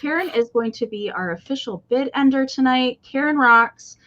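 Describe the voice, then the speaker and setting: A woman's voice: high-pitched, moderate pace, a bit bright, lo-fi sound. A woman hosting a live online sale, chatting casually and greeting viewers one by one. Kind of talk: casual livestream chat.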